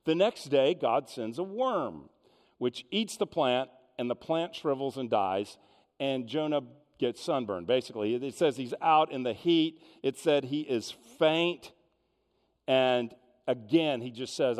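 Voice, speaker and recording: A man's voice: medium pitch, unhurried. Guy preaching, chatty storyteller, voice ringing round a big hall. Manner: conversational, expressive storytelling. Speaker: pastor. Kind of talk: sermon.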